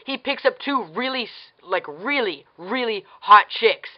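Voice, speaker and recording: A woman's voice: fairly high pitch, expressive, a little slow, dull audio. A woman giving a casual ranting movie review as a vlogger, blunt and sarcastic, swearing freely and firing off exasperated questions.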